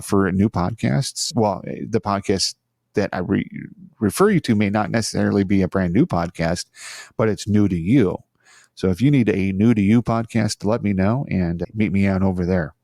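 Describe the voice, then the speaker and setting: Low gravelly-voiced man hosting a podcast. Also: a little mellow, no room sound, studio quality. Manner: rambling, self-deprecating, chatty with frequent restarts. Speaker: podcast host. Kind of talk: casual solo podcast talk. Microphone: studio microphone on an arm.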